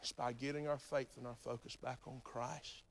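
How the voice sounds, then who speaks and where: A male pastor preaching a sermon in a church, talking straight to the congregation and swinging from soft, close words to loud emphatic lines. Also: mid-range voice, little pitch movement, moderate pace, slight background noise. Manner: talks directly to the congregation. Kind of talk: sermon with altar call. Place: church sanctuary. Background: soft live music, piano and guitar.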